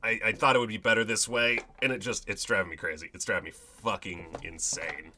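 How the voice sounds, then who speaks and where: A man's voice: fairly low pitch, fairly even intonation, brisk, pushed and bright, slight background noise. A man hosting his own show, chatting casually, rambling, swearing and mocking himself as he fiddles with his setup. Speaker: host. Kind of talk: casual home video chat.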